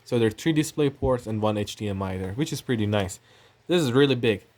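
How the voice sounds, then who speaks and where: Male vlogger, fairly low voice, loose chatty unboxing talk with fillers. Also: expressive, brisk, a little mellow. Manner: chatty, rambling, thinking aloud with fillers. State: coughing now and then. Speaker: tech channel host. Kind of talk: casual unboxing narration.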